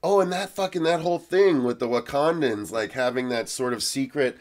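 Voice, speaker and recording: A man's voice: mid-range voice, normal speed. A man co-hosting a movie review show in loose, casual chat, rambling with lots of fillers and swearing.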